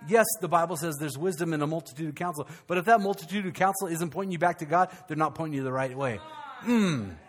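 An older man preaching a sermon as pastor, swinging from loud, animated outbursts to hushed, quiet passages. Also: a little high, fast talker.

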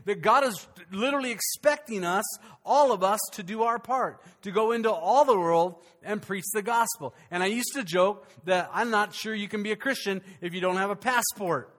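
A man preaching a sermon to his church, animated, restarting his sentences often with fillers. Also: high voice, normal speed, few pauses. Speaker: pastor.

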